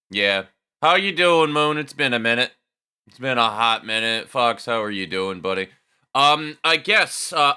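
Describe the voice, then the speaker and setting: A man's voice: on the low side, pushed and bright. A man casually chatting on a live game dev stream, swearing freely and talking to his chat.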